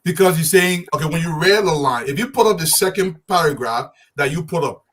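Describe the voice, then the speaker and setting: A man's voice: a little high, expressive, a little fast. A man arguing insistently as a panelist on a political talk show. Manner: forceful, insistent, lecturing.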